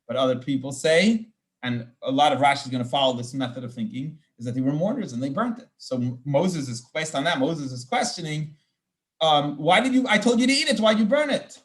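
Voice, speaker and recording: A man, a rabbi, teaching an informal Torah class, explaining verses with Hebrew terms and frequent restarts. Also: mid-range voice.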